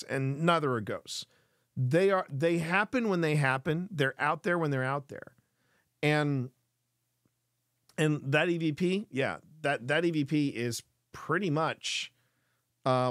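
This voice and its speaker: A man's voice: medium pitch, no room sound, clean studio sound. A man hosting a live stream, explaining things earnestly to his chat in a casual, talkative way.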